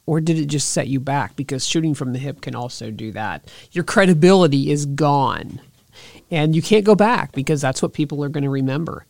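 Woman podcast host, motivational monologue, earnest and encouraging, some vocal fry, dry close sound. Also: low-pitched, expressive, fairly quick, darkish tone, no room sound. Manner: earnest, encouraging, direct address with rhetorical questions.

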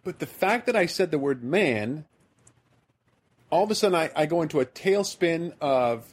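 A man's voice: a little high, animated, normal speed. A man from the American Midwest hosting a podcast, telling a rambling, self-deprecating story in casual chat. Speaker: podcast host.

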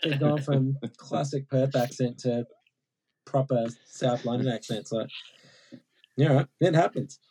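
A man co-hosting a podcast, telling teasing, animated stories in a casual chat. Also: medium pitch, a little slow, husky, poor audio.

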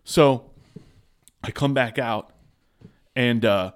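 A man's voice: mid-range voice, drawn-out words, clear, resonant tone. A man co-hosting a comedy podcast, telling stories in a bar and acting out the people in them. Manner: animated storyteller who acts out voices. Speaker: podcast co-host. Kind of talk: casual storytelling banter.

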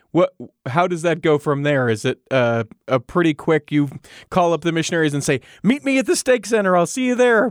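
A man's voice: on the high side, clear, resonant tone, no room sound. A man hosting a podcast interview, asking questions with dry, wry remarks. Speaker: podcast host. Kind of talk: casual interview.

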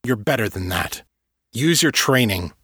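A man's voice: medium pitch, lively intonation, unhurried, fairly bright tone, slightly rough, no room sound, studio quality. A man voicing a brutal, contemptuous father and warrior trainer who growls and barks in a fantasy audiobook. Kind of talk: audiobook character reading.

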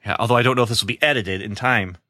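A man's voice: medium pitch, rapid-fire, sharp tone, no echo, studio quality. A man hosting a casual podcast chat, enthusiastic and chatty, laughing easily as he talks. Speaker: podcast host.

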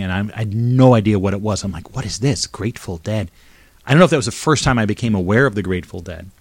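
Low-voiced man rambling in a dry room. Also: no room sound. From New Jersey. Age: 50s. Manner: chatty, digressive, nostalgic. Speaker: podcast host. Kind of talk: rambling solo monologue. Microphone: condenser mic through a mixer.

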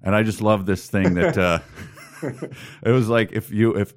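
A man with a lowish voice joking wryly through a casual podcast conversation and laughing often. The sound is dry and close, with no room echo. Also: unhurried. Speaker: podcast co-host. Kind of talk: casual chat reviewing a book.

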